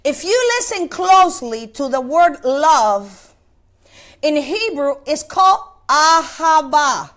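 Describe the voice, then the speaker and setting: Woman preacher, very high voice, sermon delivery, questions to the congregation, halting repeats. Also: very animated, fairly bright tone. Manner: asks the congregation questions, repeats words while searching. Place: place of worship.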